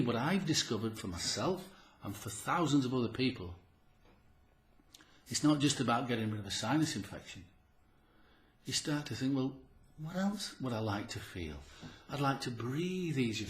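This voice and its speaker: Guy, earnest health talk, repeats himself, stumbles on restarts, echoey room. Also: mid-range voice. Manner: earnest, repetitive, stammers on restarts, acts out inner voices. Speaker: herbalist presenter. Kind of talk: direct-to-camera health talk.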